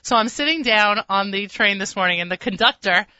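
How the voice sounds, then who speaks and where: A radio host, a woman who chats in a rambling, storytelling way with plenty of quick asides. Her voice is bright and forceful, recorded dry in a studio with a slightly muffled top end. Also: mid-range voice, lively intonation, smooth, no room sound. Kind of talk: casual radio chat.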